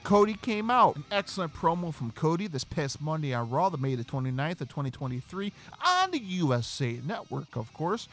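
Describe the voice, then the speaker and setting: A man hosting a casual wrestling review podcast, animated and acting out quotes. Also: on the high side, fairly quick, few pauses, faint music behind. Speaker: podcast host.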